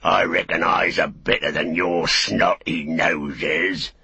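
A man voicing a big, bullying male orc soldier who talks gruffly and threatens. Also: low voice, fairly even intonation, slow pace, pushed and bright, no echo, full character voice.

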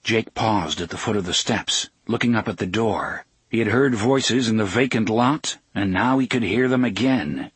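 A man narrating an audiobook in a measured storytelling manner, often slowing down for suspense. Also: on the low side, husky, no echo. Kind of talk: scripted narration.

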